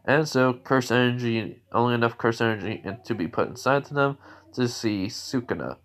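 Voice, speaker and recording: A man's voice: medium pitch, moderate pace, fairly bright tone. A man improvising a fan story, rambling and correcting himself as he goes.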